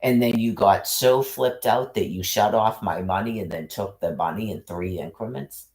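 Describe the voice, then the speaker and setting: A man's voice: fairly low pitch, moderate pace, darkish tone. A man ranting into his livestream in an agitated monologue, cursing heavily and repeating himself as he piles up accusations.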